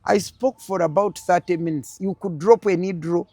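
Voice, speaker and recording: A woman's voice: on the low side, normal speed, mellow, no echo. An older woman with a Ugandan accent, telling a political story as an interview guest with strong, emphatic feeling.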